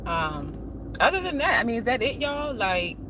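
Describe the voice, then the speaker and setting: A woman's voice: a little high, big pitch swings, normal speed, background noise. A woman from the United States chatting casually to her live-stream viewers from a parked car, talking straight to them with slang and asides.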